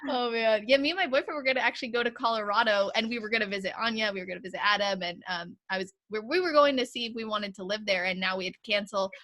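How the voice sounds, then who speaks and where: A woman's voice: medium pitch, fast, few pauses, fairly bright tone. A young woman hosting a podcast group call, chatty and upbeat, laughing often. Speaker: podcast host. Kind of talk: casual group chat on a call. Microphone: video call.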